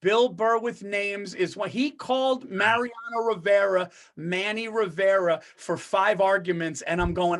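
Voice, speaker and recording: A man co-hosting a podcast in casual chat, telling animated stories, acting out quotes and swearing freely. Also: sits high, measured pace, few pauses. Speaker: podcast co-host.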